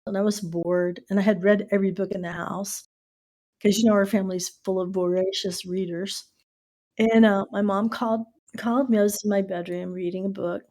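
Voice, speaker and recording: Mellow-voiced woman, animated storyteller. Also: medium pitch. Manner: animated storyteller who spells out words letter by letter. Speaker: podcast host. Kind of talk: casual podcast chat.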